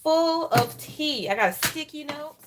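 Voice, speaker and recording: A woman's voice: high voice, animated, a little slow, noisy background. A woman hosting a casual planner livestream, chatting and greeting viewers by name while laughing often.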